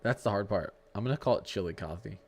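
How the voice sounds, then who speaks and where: A man with a fairly low voice hosts a live severe-weather stream, talking his viewers through the radar and the models. His delivery is loose and conversational. He restarts sentences and fumbles over tricky place names. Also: expressive, fast, a little hiss or hum. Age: adult with a young son. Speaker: livestream weather host. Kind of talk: casual live-stream weather commentary, answering chat.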